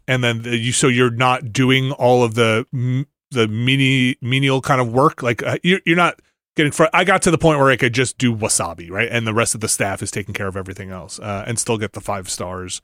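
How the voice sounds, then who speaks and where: A middle-aged man rambling through a casual podcast chat, full of restarts and filler words. His voice sits at a middle pitch and is recorded dry and close, with no room sound. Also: moderate pace, fairly bright tone, dry recording. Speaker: podcast co-host. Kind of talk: casual chat about video games.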